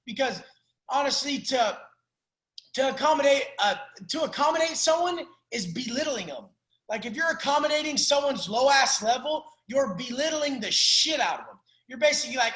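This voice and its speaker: A man with a very high voice lays down blunt, profanity-laced coaching on a call. He talks in a preachy, no-nonsense way, and the sound rings around an echoey room. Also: lively intonation, normal speed, fairly bright tone. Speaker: life coach.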